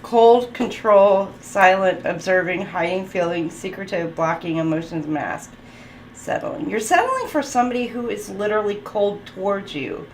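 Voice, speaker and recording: A woman's voice: medium pitch, lively intonation, moderate pace. A woman giving a casual tarot reading, chatting and listing card keywords as she goes. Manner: chatty, laughs often, lists card keywords. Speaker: tarot reader. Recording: roomy with faint background noise.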